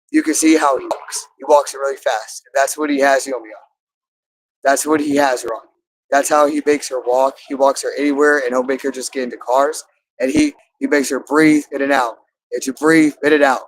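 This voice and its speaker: A man's voice: medium pitch, rough recording. Man in a rambling, repetitive monologue. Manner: rambling, repeats phrases over and over; halting, with frequent restarts.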